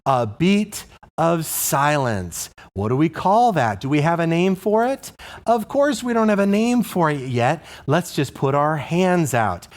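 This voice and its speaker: A man's voice: a little high, big pitch swings, measured pace. A male elementary music teacher explaining a singing game to other teachers, asking the viewer questions and chanting rhythm syllables. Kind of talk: instructional video for music teachers.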